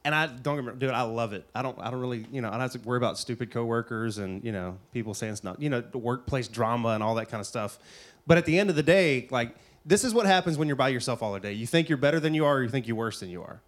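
A man's voice: medium pitch, fast talker. A young adult man speaking casually with slang and emphatic asides. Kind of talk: casual chat.

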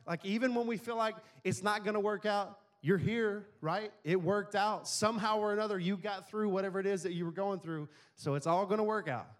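A man's voice: sits high, brisk, hardly any pauses. A middle-aged male pastor preaching a sermon in a conversational way, often asking the congregation questions.

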